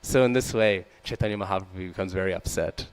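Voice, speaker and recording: A man's voice: quick pace, smooth, poor audio. A man giving a scripture class in a temple, often checking in with his listeners with "hmm?" and "right?" and acting out quoted lines. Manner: acts out quoted lines with raised voice. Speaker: devotional class speaker. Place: temple hall. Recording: low mains hum behind.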